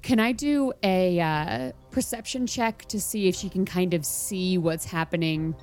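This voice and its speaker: A woman's voice: lowish voice, measured pace, darkish tone, faint music behind. A woman playing a tabletop game, chatty, describing her character in the third person. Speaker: player. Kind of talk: casual tabletop game play.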